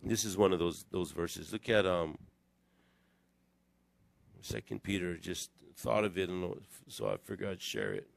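Man, pastor, casual sermon, very lively pitch, dry close sound. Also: unhurried, vocal fry, long pauses, no room sound. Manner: digressive, animated storytelling. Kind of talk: conversational sermon. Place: church.

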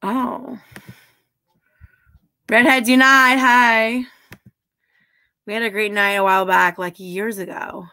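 A woman's voice: on the high side, flat delivery, slow pace, pauses often, pushed and bright. A woman chatting casually on a live stream, answering her chat bluntly and swearing freely. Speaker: livestreamer reading chat.

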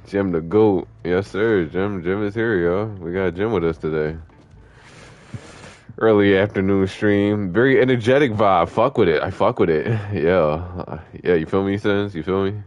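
A low-voiced man with a Philadelphia accent streams an online game. He talks loud and excitable, swears freely and yells at the action on screen. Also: moderate pace, highs cut off. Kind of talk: casual gameplay commentary.

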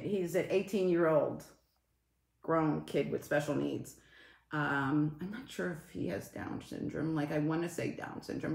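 A woman's voice: lowish voice, reverberant. A woman on a casual live stream, swearing a lot and greeting viewers in the middle of her story.

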